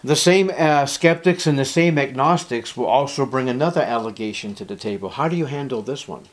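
A man preaching as pastor, emphatic, rising loud on key words and dropping low and soft. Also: fairly quick. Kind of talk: sermon.

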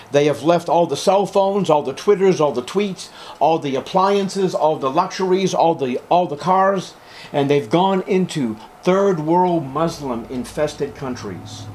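A man's voice: on the high side, darkish tone, a little hiss or hum. Fervent male preacher, emphatic rises. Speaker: pastor. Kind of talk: sermon.

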